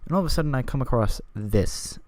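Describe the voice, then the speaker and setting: A man's voice: mid-range voice, animated, quick pace, darkish tone, dry recording. A young man hosting a ranting commentary video, crude and mocking, sounding exasperated as he talks over a clip. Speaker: video host.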